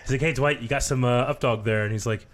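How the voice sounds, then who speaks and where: A man's voice: mid-range voice, fast, a bit bright, a little hiss or hum. A man co-hosting a podcast, retelling a favorite sitcom scene and doing the characters' lines. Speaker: podcast co-host. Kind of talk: casual chat.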